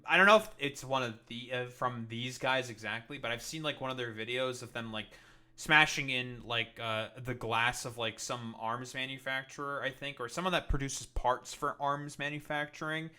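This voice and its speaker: A man's voice: mid-range voice, normal speed, pushed and bright. A young man giving rambling, profane, sarcastic reaction commentary as a streamer.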